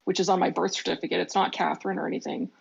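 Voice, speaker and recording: A woman's voice: on the low side, level tone, very fast, vocal fry, husky. A woman joining a chat as a guest, speaking in an insistent, matter-of-fact way over a remote call. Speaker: guest, the host's mother. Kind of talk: casual chat. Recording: dull lo-fi remote call audio.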